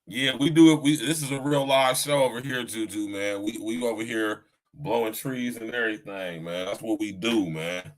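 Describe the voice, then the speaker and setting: A man hosts a relaxed live podcast, chatting straight to his listeners. His talk is loose, slangy and profane, broken up by easy laughter. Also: fairly low pitch, normal speed, poor audio. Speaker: podcast host. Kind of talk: casual live-stream chat.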